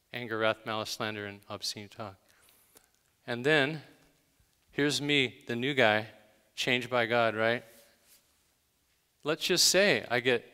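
A man's voice: medium pitch, pushed and bright, clean tone. A male pastor giving a conversational, emphatic sermon, telling everyday stories with dramatic gasps. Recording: long hall reverb.

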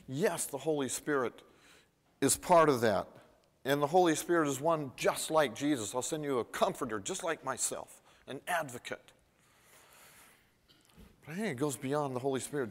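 Emphatic preaching man in a reverberant church. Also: a little high. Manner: animated, emphatic preaching with rising and falling intensity. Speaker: pastor. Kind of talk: sermon. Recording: long reverb of a church hall.

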